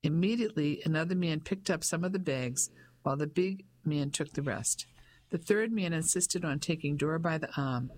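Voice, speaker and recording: Narrator, even measured storybook read, mid pitch. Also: a little hiss or hum. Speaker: audiobook narrator. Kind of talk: scripted narration.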